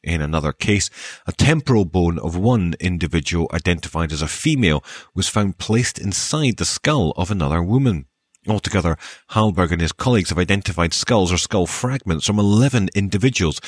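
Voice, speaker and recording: A man with a soft Scottish accent hosting a show, reading archaeology news and dedications with wry, dry joking asides. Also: low-pitched, expressive, normal speed, no room sound. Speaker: podcast host.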